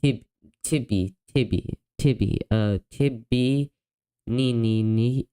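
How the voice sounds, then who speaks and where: A man hosting a casual live stream, talking slowly and unhurriedly. He sounds excitable and apologetic, stumbling over words and breaking into laughs, with a voice of middling pitch. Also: clean tone, low-quality recording. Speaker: livestream host.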